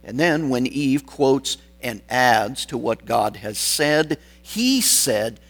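A man delivering a sermon at an unhurried, measured pace. He leans on key words and lets dramatic pauses hang between phrases, at an ordinary middle pitch. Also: animated, fairly bright tone, poor audio. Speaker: preacher.

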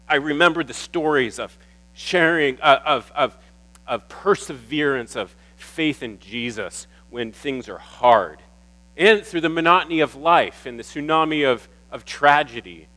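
A man preaching a sermon to his church, warm and emotional, often stumbling and repeating words. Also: a little high, unhurried, rough recording. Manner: warm, emotional, getting teary at times. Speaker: pastor.

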